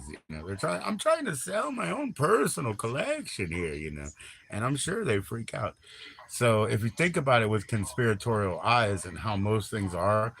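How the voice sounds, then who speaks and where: A man's voice: on the low side, gravelly, fairly bright tone, a little hiss or hum. A middle-aged man hosting a casual livestream, rambling in slang, jumping between topics and greeting viewers in chat. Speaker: livestream host.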